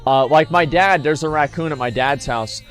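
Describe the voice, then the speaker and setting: A man's voice: fairly high pitch, normal speed, faint music behind. Profane rambling male streamer storyteller. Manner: rambling, profane, restarts and fillers. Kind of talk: casual storytelling to stream chat.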